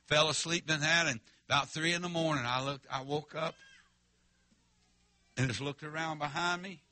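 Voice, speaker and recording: A man's voice: fairly high pitch, fairly even intonation, normal speed, sharp tone. A male preacher, telling a story in a revival sermon in a folksy, emphatic way and calling out to the congregation.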